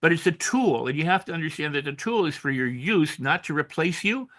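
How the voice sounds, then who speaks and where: An older man, an author and coach, talking in an interview with animated storytelling, acting out quoted voices and often restarting his sentences. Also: a little high, fairly quick. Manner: frequent restarts and repetitions. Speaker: author and personal growth coach. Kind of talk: interview conversation.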